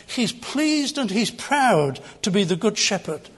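A man's voice: high-pitched, very animated, moderate pace, hardly any pauses. An older man preaching a sermon as pastor, earnest and emphatic, building on repeated phrases.

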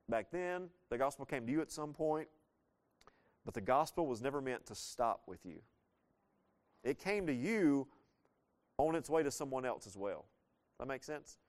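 A man with a Southern US accent preaching a sermon as a pastor, in a conversational, folksy storytelling way with sudden bursts of emphasis. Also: fairly high pitch. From Southern United States.

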